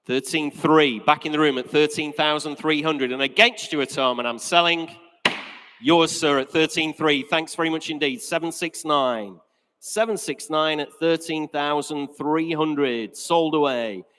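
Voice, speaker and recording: A man working as auctioneer, calling bids at a live car auction with brisk, jokey patter. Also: a little high, a bit bright. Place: auction hall. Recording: echoey auction hall.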